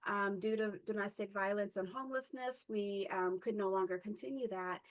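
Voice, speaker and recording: Halting, reflective woman in her forties. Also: medium pitch. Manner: halting, with many ums and self-corrections. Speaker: guest speaker. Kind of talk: personal reflective talk.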